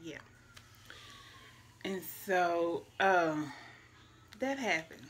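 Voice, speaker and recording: A woman's voice: on the low side, animated, very slow, a bit bright, a little hiss or hum. A young woman, telling a personal story casually and emotionally, with her voice often dropping to near-whispers. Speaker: vlogger.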